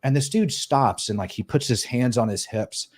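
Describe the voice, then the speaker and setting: A middle-aged man, a former soldier, telling war stories casually in an animated, profane way. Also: medium pitch, normal speed, breathy edge. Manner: animated, profane, acts out quoted voices. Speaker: podcast guest, former Green Beret. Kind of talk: casual storytelling.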